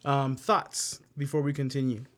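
A man with an ordinary mid-pitched, fairly bright voice leads a relaxed Bible study, reading scripture aloud and then explaining it in everyday language. His delivery is flat and moderately paced, broken up by joking asides.

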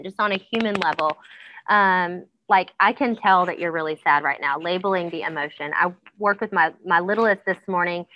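A woman in her thirties, a guest on a parenting podcast, talks warmly and casually in a lowish voice with lots of ums, sometimes acting out her kids' voices. The recording lacks high frequencies and has a bit of hiss or hum.

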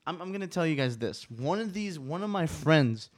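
Young male solo podcaster, twenties, rambling and profane, moody swings from hushed to riled up, dry room. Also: on the high side, lively intonation, moderate pace, dry recording. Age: 20s. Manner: profane, rambling, restarts often; swings between quiet musing and riled-up rants.

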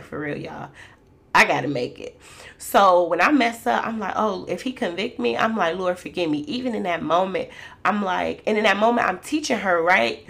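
Chatty woman with a gravelly voice. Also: deep voice, a bit bright. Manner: chatty and candid, addresses listeners as "y'all". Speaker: mother sharing reflections. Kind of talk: casual faith-based talk.

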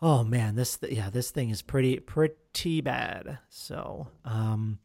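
A man's voice: medium pitch, slow pace, gravelly, a little mellow, dry recording, studio quality. A man hosting a podcast, reviewing films in casual chat, rambling and swearing with lots of fillers and restarts. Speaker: podcast host.

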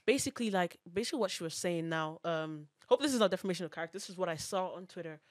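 A young woman with a lowish voice co-hosts a podcast, talking fast and circling her points with fillers. The recording is dry and close, with no room sound. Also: lively intonation, no echo. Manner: rambling, hedging with fillers. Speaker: podcast co-host. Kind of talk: casual chat.

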